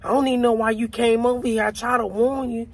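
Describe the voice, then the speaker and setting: Man doing a gravelly, bossy talking cockroach. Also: very high voice, flat delivery, quick pace, exaggerated voice. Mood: gossipy. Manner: gruff, profane, bargaining. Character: streetwise talking male cockroach, bossy and blunt.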